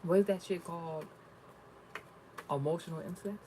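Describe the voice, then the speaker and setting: A man's voice: on the high side, steady tone, moderate pace, dark tone, a little hiss or hum, poor audio. A man ranting in a casual, profane vlog, telling rambling stories and reading spiritual messages. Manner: blunt, cursing, rambling storytelling.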